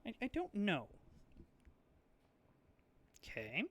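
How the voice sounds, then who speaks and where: Chatty higher-voiced man thinking aloud. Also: wildly swooping pitch, very slow, fairly bright tone. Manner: chatty, rambling, full of fillers and restarts. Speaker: board game video host. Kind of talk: casual thinking-aloud play commentary.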